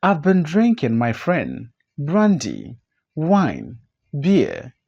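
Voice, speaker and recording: Reader performs tipsy, friendly grown man in a recorded play; mellow, wide-ranging, sagging low on "friend". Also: huge pitch swings, measured pace, highs cut off, exaggerated voice. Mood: amiably drunk. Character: amiably drunk man, proud of his new name. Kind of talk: audiobook play reading.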